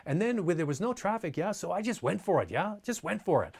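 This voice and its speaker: A man's voice: high voice, big pitch swings, a little fast, vocal fry, darkish tone, husky, voice pushed up, exaggerated voice. A man voicing a charismatic veteran male race driver who ends each phrase with a questioning tag, breezy and upbeat.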